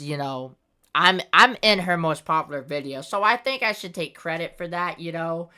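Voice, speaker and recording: A woman hosts a casual podcast, talking in a rambling way full of "like" and little laughs. Her voice sounds bright and a bit forceful, and sits on the lower side for a woman. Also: lively intonation, normal speed, clear, resonant tone. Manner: giggly, rambling, lots of fillers. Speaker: podcast host. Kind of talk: casual chat.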